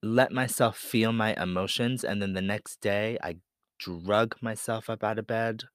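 A man's voice: on the low side, fairly even intonation, unhurried, dry recording, clean studio sound. A man from Pennsylvania who hosts a podcast, telling a personal story in an earnest, candid and confessional way. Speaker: podcast host.

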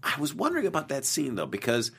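A man co-hosting a podcast talks through the plot with a lively, rising-and-falling voice. He is playful and teasing in casual chat. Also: a little high, quick pace, creaky, slightly rough. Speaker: podcast co-host. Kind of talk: casual chat about a soap opera.

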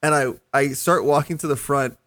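A young man co-hosting a podcast, telling a story in a casual, animated way, laughing and swearing as he goes. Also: a little high, moderate pace, no room sound. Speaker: podcast co-host.

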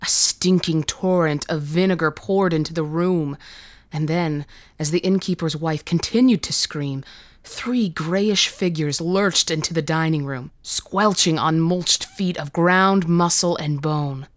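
A woman reading a scripted horror story in a measured, vivid storytelling manner. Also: low voice, no echo. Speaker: narrator.

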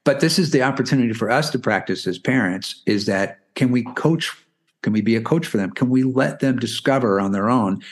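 A man's voice: medium pitch, fairly quick. A man in his forties talking as a guest on a podcast interview, explaining in a chatty way with lots of "you know" and "right?". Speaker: guest, math curriculum founder.

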